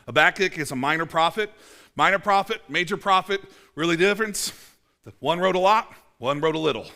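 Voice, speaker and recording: A man's voice: fairly high pitch, fairly quick, sharp tone. A man in his forties, a pastor preaching a casual sermon in a church, chatty, with many fillers and restarts and dry self-mocking asides. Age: 40s. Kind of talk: conversational sermon.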